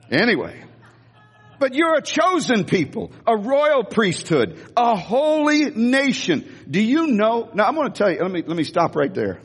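An older American man, a pastor, preaching an animated sermon and calling on the congregation to repeat after him. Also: high voice, moderate pace, husky, long reverb tail. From United States. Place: church sanctuary.

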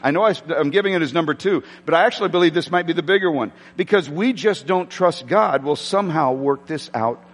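A man's voice: on the high side, brisk, few pauses, long reverb tail. A man preaching a sermon with passion, shifting into dramatic readings of scripture in a church sanctuary. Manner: impassioned, dramatic shifts when quoting scripture. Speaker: pastor.

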